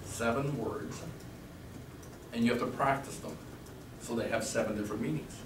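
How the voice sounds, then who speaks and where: A man's voice: medium pitch, moderate pace, long pauses, distant mic. A man teaching a live real estate sales class, talking conversationally and quizzing the class with questions. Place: training room with a live class. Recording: echoey room from afar with clear background noise.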